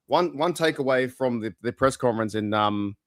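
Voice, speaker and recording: A man's voice: medium pitch, moderate pace, no echo, studio quality. A man hosting a casual sports podcast, blunt and swearing as he steers the conversation. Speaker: podcast host.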